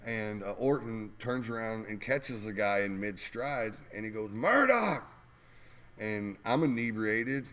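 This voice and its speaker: Male guest, lower pitch, loose anecdotal delivery full of ums and laughs. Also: steady tone, unhurried, few pauses, noisy background. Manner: rambling, laughing anecdotes with fillers. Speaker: guest co-host telling wrestling stories. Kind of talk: casual storytelling.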